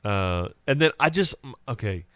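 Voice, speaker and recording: A man co-hosting a podcast in casual chat, expressive and reading verses aloud. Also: on the low side, measured pace, no echo. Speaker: podcast co-host.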